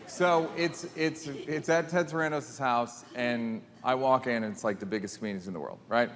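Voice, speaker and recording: A man's voice: mid-range voice, normal speed, a bit bright, big-room sound, a little hiss or hum. A male stand-up comedian telling a rambling, self-deprecating story.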